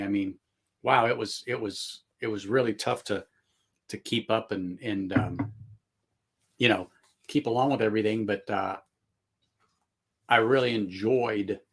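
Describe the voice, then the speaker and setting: Gravelly man hosting casual livestream chat. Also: fairly low pitch. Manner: rambling, laughs often, many fillers and restarts. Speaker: livestream host.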